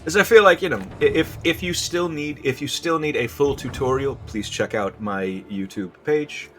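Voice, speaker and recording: A man's voice: medium pitch, moderate pace, a bit bright, soft background music. A man giving casual, rambling gameplay commentary, self-deprecating and restarting his sentences often.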